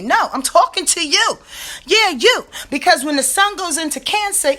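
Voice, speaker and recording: A woman astrologer giving a casual weekly rundown, slangy and animated, talking straight to her listeners. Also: high voice.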